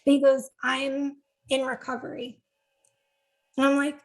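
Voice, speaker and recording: Heard on poor audio, a high-voiced woman from Connecticut chats as a podcast guest, telling a story in conversation. She animatedly voices what others said, often says "like," and laughs quickly.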